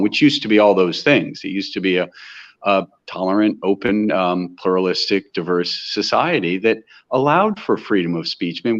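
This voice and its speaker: The voice is a lowish one from an American man, captured on a muffled recording. As a guest in a conversational interview, he talks with earnest passion and restarts his sentences often while building his case.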